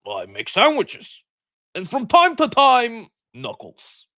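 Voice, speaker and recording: A man voicing a laid-back male alien sandwich maker in a deep, dark voice, as a slow, drawling impression. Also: wildly swooping pitch, no room sound, heavily acted. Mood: deadpan. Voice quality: dark, low voice.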